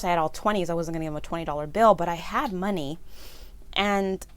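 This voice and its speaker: A woman from California telling a personal story to camera, growing emotional and tearful as she speaks, quoting her own thoughts aloud. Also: on the low side. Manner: emotional, breaks into tears and apologizes while telling the story. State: tearful, voice breaking. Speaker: nonprofit founder and vlogger.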